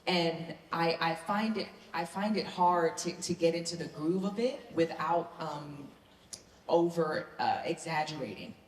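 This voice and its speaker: Southern-born actress on a convention panel; low voice, eager and earnest, echoey hall with faint hiss. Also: female voice, unhurried. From American South. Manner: enthusiastic, earnest. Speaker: actor guest on a convention panel. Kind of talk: panel Q&A answers.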